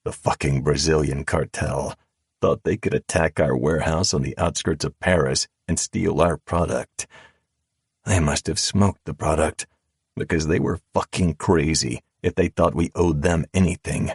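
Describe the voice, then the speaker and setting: A man narrating a first-person audiobook in a calm, cold drawl. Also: very deep voice, husky, dry recording, clean studio sound.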